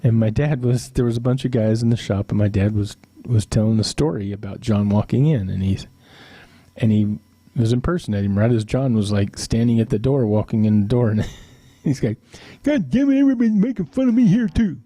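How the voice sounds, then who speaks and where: A middle-aged man hosting a live stream with a very dark, mellow, low voice and a husky edge. He rambles through stories in a casual, chuckling way and teases the people in his chat. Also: brisk, no echo. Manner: rambling, chuckling, teasing viewers.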